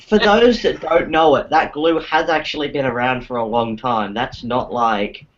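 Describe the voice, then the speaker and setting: A man's voice: mid-range voice, normal speed, a bit bright. Man, co-host, mid-range voice, explanatory, filler-heavy, dull lo-fi audio. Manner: explanatory, lots of "like". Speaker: podcast co-host. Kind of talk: casual chat.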